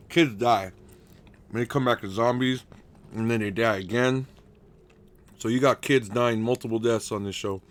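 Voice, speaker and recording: A man's voice: mid-range voice, slow, pauses often. A man streaming a card game live, chatting casually with his viewers and swearing freely as he plays. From United States. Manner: excitable, swears a lot, chats with viewers by name. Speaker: gaming streamer. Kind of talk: casual live-stream chat while playing.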